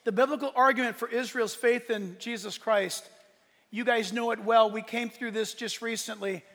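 High-voiced gravelly preacher in a hall. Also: male voice, steady tone, moderate pace, a bit bright. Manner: impassioned preaching, rising and falling in force. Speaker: pastor. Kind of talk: sermon. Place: church sanctuary. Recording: long reverb of a large hall.

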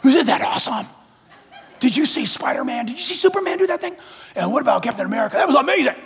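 A man's voice: very high voice, sing-song, fast talker, pitched above the performer's own voice, full character voice. A preacher playing a gushing male moviegoer. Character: excited male moviegoer gushing over superheroes. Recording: long reverb of a large hall.

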